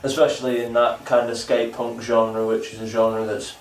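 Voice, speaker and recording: A man talks in an even, flat voice, earnestly rambling through his praise for a band. He sounds distant and roomy. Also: mid-range voice, moderate pace, soft background music. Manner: earnest, rambling enthusiasm with restarts. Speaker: vlog co-host reviewing albums. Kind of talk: casual chat.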